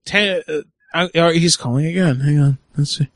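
A man hosting a live prank call show, brash and mocking, with loud outbursts and swearing. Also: a little high, moderate pace, hardly any pauses, noisy background.

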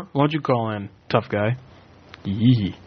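A man's voice: medium pitch, expressive, slow pace, husky. A male radio host in a goofy mood, teasing his guest. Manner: playful, teasing. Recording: dull lo-fi radio audio.

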